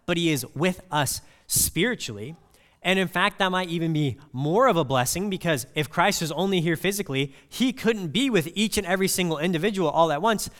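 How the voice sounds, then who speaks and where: A long hall reverb follows a man's fairly high voice as he preaches in a church sanctuary, his pitch swinging lively up and down. He keeps things conversational, weaving personal stories into the scripture.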